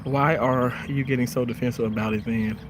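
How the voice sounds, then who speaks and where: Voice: medium pitch, steady tone, a little fast, noisy background. A vlogger outdoors in hot weather, talking casually and breaking into goofy sung parody lines between chatter. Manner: goofy, sings and riffs loudly between chatter. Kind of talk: casual rambling vlog with sung parody snatches.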